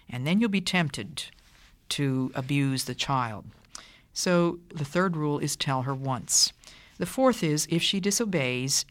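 A radio Bible teacher giving parenting advice in a firm, measured, deliberate way, sometimes dropping to a whisper. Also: medium pitch. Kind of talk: scripted radio talk, teaching.

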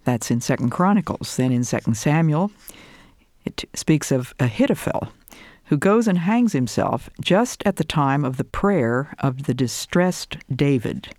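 Older woman, measured devotional talk. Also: low-pitched, animated, darkish tone, dry recording, clean studio sound. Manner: measured and deliberate, lingering on lists. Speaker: Christian speaker.

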